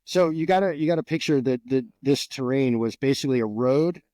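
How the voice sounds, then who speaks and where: Man, middle-aged, from New Jersey, profane, animated, repeats himself, dry recording. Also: medium pitch, fairly quick, no echo. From New Jersey, USA. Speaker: guest, Green Beret veteran. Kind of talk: casual storytelling.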